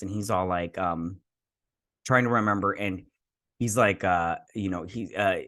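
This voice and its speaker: A man in his thirties giving a casual, spoiler-filled review of a TV episode. He talks in an excitable, rambling way, full of "like" and quick restarts. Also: fairly low pitch. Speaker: TV show reviewer.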